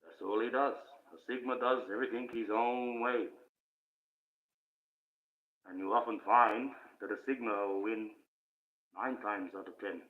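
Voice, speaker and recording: A man from Australia who has put on an ominous voice in place of his real one. He rambles slowly through spiritual musings in a fairly low register. The sound is thin and phone-like. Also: fairly even intonation. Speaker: live streamer. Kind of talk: casual spiritual monologue on a livestream. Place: indoors, speaking under a mask by candlelight. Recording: tinny phone-like audio.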